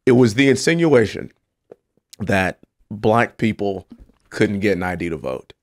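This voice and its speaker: A man's voice: lowish voice, lively intonation, a little slow. A man, a congressman, speaking emphatically on a political talk show and building to indignant peaks. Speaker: congressman guest.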